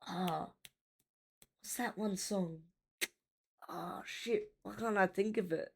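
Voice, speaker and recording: A woman giving casual, rambling commentary while reacting to a rap song, with many fillers and half-finished thoughts. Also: on the low side. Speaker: music reaction host.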